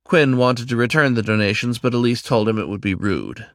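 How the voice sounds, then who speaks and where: A man reading a fantasy story aloud as its narrator in a steady storyteller's manner. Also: mid-range voice, brisk, dry recording, studio quality. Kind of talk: scripted narration.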